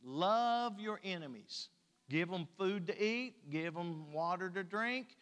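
A man's voice: high voice, lively intonation, takes it slowly, fairly bright tone, clear, resonant tone, big-room sound. A man preaching a sermon in a church, talking in a folksy, colloquial way. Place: church sanctuary.

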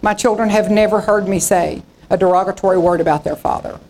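A woman in her sixties preaches a sermon with a gravelly, slightly creaky edge to her voice. She tells stories in a folksy way and slips into the voices of the people in them. A faint hum sits behind her. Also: mid-range voice, steady tone, brisk, a little mellow, low-quality recording. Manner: folksy storytelling preacher, acting out quoted voices. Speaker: pastor.

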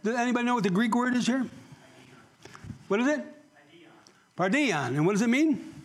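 A man's voice: very high voice, expressive, normal speed, slightly rough. A male pastor giving a conversational sermon in church, often asking the congregation questions and joking.

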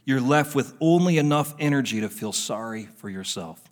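A man voicing a sly, menacing male devil in a low, hushed, gloating tone within a sermon story. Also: lively intonation, moderate pace, lightly acted.

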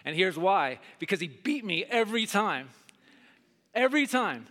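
A middle-aged man preaching a sermon, telling stories and acting out scenes with big jumps in his voice. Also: moderate pace. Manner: animated, acts out scenes with big pitch jumps. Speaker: pastor. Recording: long hall reverb.

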